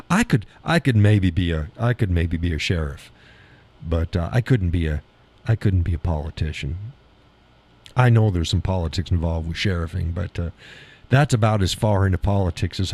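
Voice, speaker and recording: Hosting a live stream, a middle-aged man with a low, darkish voice chats casually while reading viewer comments. He swears freely, laughs a lot and tells stories with animation.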